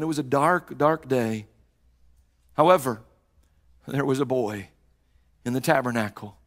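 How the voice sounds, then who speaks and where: Guy preaching a sermon, acts out the story, gets loud then real quiet, repeats himself. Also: mid-range voice. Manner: dramatic storytelling, voices quoted characters, swings loud to hushed; repeats words and restarts.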